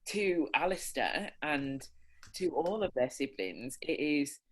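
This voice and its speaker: A woman's voice: low-pitched, very animated, takes it slowly, slightly rough. A woman, a bereaved parent, telling candid stories over a video call, laughing often as she talks. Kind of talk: candid conversational storytelling.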